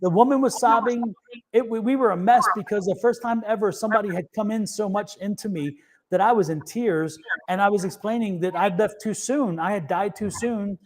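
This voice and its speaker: Man, tarot host, high voice, rambling, chatty, laughs a lot. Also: brisk. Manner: rambling storyteller with many restarts and fillers; laughs easily. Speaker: tarot reader and show host. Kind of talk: casual live-stream chat.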